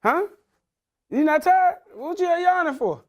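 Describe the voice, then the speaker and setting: A man's voice: very high-pitched, lively intonation, measured pace. A man giving a motivational talk, quizzing his young audience in casual slang. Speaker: motivational speaker.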